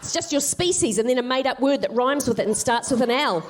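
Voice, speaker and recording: A woman's voice: high voice, expressive, fast talker, a little hiss or hum. A woman voicing a weary, sardonic female hen who ends up doing everything herself. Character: fed-up, hardworking female little red hen.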